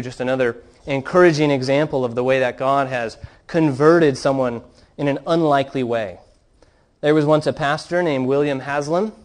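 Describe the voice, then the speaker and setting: Man, pastor, sermon, earnest storytelling delivery, mid-pitched voice. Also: a little mellow. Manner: earnest preaching, reads quoted account with rising fervor.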